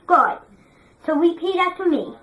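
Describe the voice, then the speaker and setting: A woman's voice: very high voice, animated, a little slow, fairly bright tone, rough recording. A woman teaching a class, drilling number sequences for pupils to repeat and praising them in a sing-song way.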